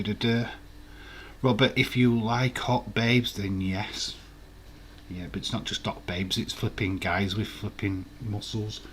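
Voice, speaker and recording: A man's voice: fairly low pitch, a little hiss or hum. A man hosting a casual quiz live stream, reading out viewers' answers and swearing now and then.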